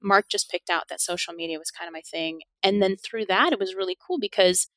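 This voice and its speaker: A woman's voice: lowish voice, brisk, fairly bright tone, dry recording. A middle-aged woman, a podcast guest, telling stories in a casual interview, laughing often and acting out the speech she quotes.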